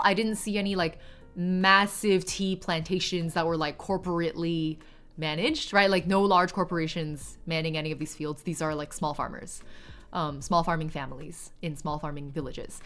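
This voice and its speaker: A woman's voice: on the low side, normal speed, fairly bright tone, faint music behind. A woman streamer chatting casually on a livestream, rambling with lots of filler words and reading viewer chat aloud, sometimes in Mandarin.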